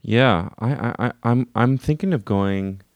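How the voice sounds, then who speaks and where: A man's voice: lowish voice, unhurried, dry recording. A man co-hosting a podcast, joking in casual chat and often restarting his sentences. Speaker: podcast co-host.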